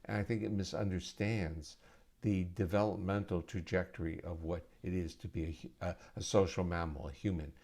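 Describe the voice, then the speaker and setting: A man with a notably low voice talks through ideas at a live question-and-answer session. He explains steadily, in a patient lecturing manner, as a guest speaker at an arts center event. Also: steady tone, normal speed, a little mellow.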